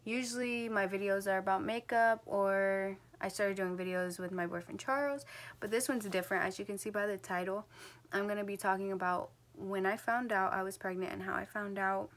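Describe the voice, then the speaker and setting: A woman's voice: medium pitch, fairly even intonation, a little fast. A woman in her late teens from New Jersey, telling a personal story to her camera in a casual vlog, with lots of "like" and "um" and restarts. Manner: rambling, filler-heavy talk, full of "like" and "um". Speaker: vlogger.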